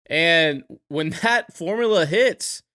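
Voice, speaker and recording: Animated, cursing baseball podcast man. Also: on the high side, slow. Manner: animated, swears freely, trails off and restarts. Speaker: podcast co-host. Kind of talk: casual sports chat.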